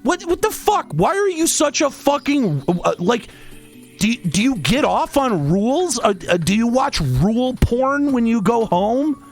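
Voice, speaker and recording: A man's voice: very high-pitched, very animated, measured pace, faint music behind. A man hosting a stream, ranting in an exasperated, profane, sarcastic way. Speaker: streamer and podcast host. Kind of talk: angry rant.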